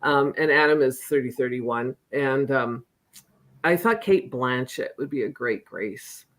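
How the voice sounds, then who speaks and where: A middle-aged woman, an author guest, talking casually and hesitantly, with many pauses and restarts. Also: a bass voice. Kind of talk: casual interview chat.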